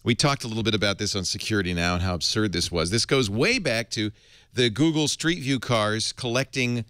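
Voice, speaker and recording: A man's voice: on the low side, a little fast, clean tone, no room sound, studio quality. A middle-aged man hosting a podcast, reading tech news in a casual, wry way. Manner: wry, animated, slips into comic voices. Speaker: podcast host.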